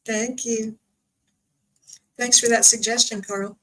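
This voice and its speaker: A woman hosting a live-streamed spiritual reading as a psychic medium, speaking softly and gently and drawing out her words. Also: a little high, little pitch movement, takes it slowly, rough recording.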